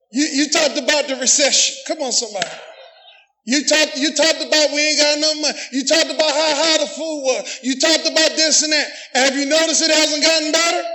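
A middle-aged man preaches in a strikingly high voice. His tone is bright and forceful. He often rises to a shout and calls on the congregation to say amen. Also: fairly even intonation, normal speed, slight background noise, low-quality recording. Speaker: pastor. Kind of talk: sermon.

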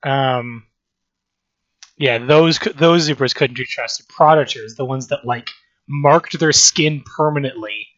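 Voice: mid-range voice, slow, fairly bright tone, no room sound, dull audio. A podcast co-host in casual chat, rambling and swearing freely while critiquing a story.

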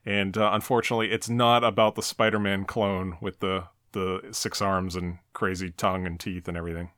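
Male podcast host, casual and chatty, mid pitch, dry close sound. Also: fairly quick, no echo. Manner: relaxed, chatty, frequent fillers. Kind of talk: casual commentary on an old talk show.

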